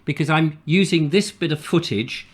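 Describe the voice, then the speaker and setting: A man's voice: on the high side, normal speed, slightly rough. A man hosting a casual cooking vlog in his kitchen, chatty and self-deprecating with a chuckle in his talk. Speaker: vlogger host. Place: home kitchen.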